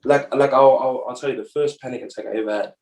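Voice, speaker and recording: A man's voice: mid-range voice, steady tone, quick pace, a little mellow. A young man from Zimbabwe, a rugby player guesting on a podcast, telling a story in a rambling way, full of "like" and "bro". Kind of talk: casual storytelling. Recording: echoey room, voice far from mic.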